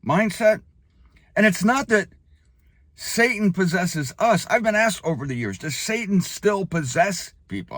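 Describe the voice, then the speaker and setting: A man giving spoken Bible teaching in an emphatic way, slowing down hard on key phrases and leaping up for emphasis. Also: no echo. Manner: animated, leaps up in pitch for emphasis.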